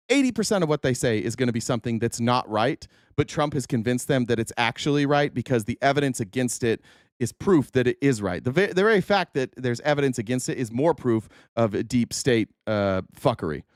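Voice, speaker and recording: A man hosting a livestream of political commentary, ranting in a profane, animated way. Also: mid-range voice, fairly quick, no room sound, clean studio sound. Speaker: host.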